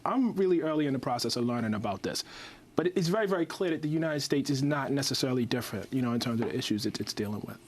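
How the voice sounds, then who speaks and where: A man in his forties answering interview questions thoughtfully, halting often with restarts and many "you know" fillers. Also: medium pitch, animated, slight background noise. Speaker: interview guest, writer.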